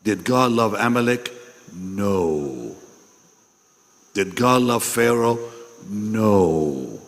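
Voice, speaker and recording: A man preaching a sermon to pastors, his voice still strained from losing it, swinging between loud calls and hushed asides. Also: mid-range voice, fairly even intonation, moderate pace. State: recovering from a lost voice. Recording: long hall reverb.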